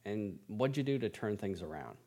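A man's voice: fairly low pitch, big pitch swings, normal speed, warm tone, husky. Jokey male interviewer. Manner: jokey, teasing. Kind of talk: playful interview questions.

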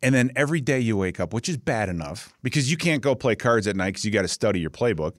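A middle-aged man hosting a casual sports interview, telling stories in an animated way with many halting restarts. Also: fairly low pitch, no echo, clean studio sound. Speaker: host, former pro football player.

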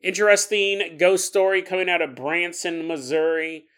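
Bright-voiced man riffing on ghost stories. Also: high voice, fairly even intonation, moderate pace, clear, resonant tone. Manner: playful, riffing, jokey asides. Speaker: podcast host. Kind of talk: casual paranormal storytelling.

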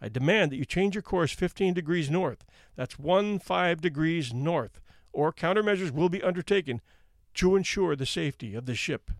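A man's voice: fairly high pitch, animated, normal speed, no room sound, clean studio sound. Man reading as a puffed-up navy captain, stern and demanding. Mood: pompous. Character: pompous male naval captain making demands.

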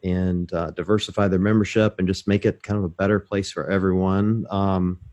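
Low-voiced rambling male podcast host. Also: little pitch movement, normal speed, darkish tone, muffled recording. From Mississippi, USA. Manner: rambling, self-deprecating, chuckles while talking. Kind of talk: casual interview chat.

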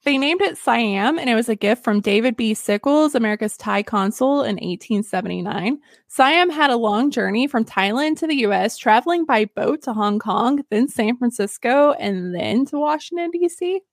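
Lively chatty woman podcaster. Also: on the high side, moderate pace, hardly any pauses, dry recording, clean studio sound. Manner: chatty, giggly, lots of fillers. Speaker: podcast host. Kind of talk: casual history podcast storytelling.

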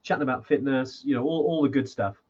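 A man's voice: mid-range voice, fast, a little mellow, highs cut off. A man co-hosting a podcast in casual chat, rambling with lots of restarts and fillers. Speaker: podcast co-host.

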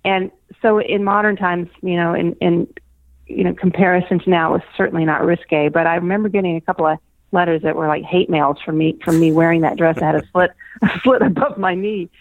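A woman's voice: lowish voice, steady tone, fairly quick, no echo. Chatty older woman on a tinny phone line. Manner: chatty, laughs often, restarts phrases. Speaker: interview guest, former pageant winner. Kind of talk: casual storytelling interview.

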